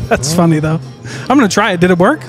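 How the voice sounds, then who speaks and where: A man's voice: sits high, very animated, normal speed, soft background music. A man chatting casually as a podcast co-host, laughing and making playful asides. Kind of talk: casual chat.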